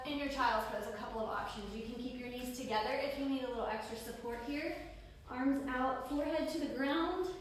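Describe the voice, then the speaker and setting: A female yoga instructor with a high-pitched voice guides a class, giving calm cues paced to the breath. The distant mic picks up a roomy echo and faint noise.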